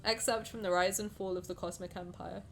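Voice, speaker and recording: A woman's voice: mid-range voice, fairly even intonation, a little fast, a bit bright, a little hiss or hum. A woman streamer reads a game story aloud and reacts to it with effusive, emotional chatter. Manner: effusive, emotional, laughs often.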